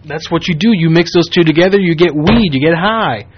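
A man's voice: fairly high pitch, brisk, heavy background noise. A man hosting a casual radio show, rambling, joking and mimicking callers. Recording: muffled radio sound with faint music.

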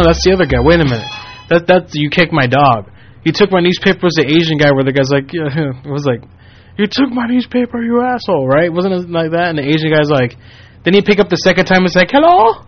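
A man hosting a casual radio show, rambling, joking and mimicking callers. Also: a little high. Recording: muffled radio sound with faint music.

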